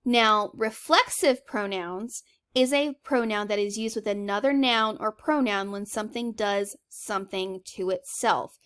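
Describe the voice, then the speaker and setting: Woman teacher, mid-pitched, chatty and emphatic, recorded grammar lesson. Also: measured pace, a bit bright, clear, resonant tone. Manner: chatty, emphatic, checks in with "okay?".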